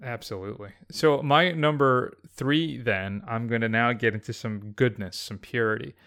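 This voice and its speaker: Relaxed, opinionated man. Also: mid-range voice, moderate pace. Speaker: podcast co-host. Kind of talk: casual film chat.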